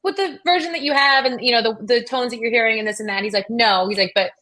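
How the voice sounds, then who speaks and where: A woman's voice: fairly high pitch, fast talker, bright, forceful tone. A middle-aged woman telling a rambling personal story in casual chat, full of fillers and quoted dialogue. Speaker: guest.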